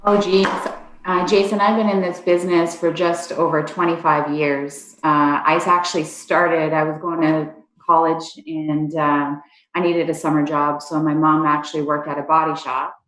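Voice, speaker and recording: A woman's voice: sits low, steady tone, normal speed, a bit bright. A woman in her forties, a district manager and trainer, talking casually in a rambling way with many fillers. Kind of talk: casual interview chat. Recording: echoey room.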